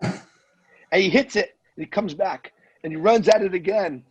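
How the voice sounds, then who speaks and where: Husky man spinning a wild story. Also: high voice, measured pace. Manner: animated storyteller, acts out voices. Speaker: guest storyteller. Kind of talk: casual anecdote telling. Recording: dull lo-fi audio.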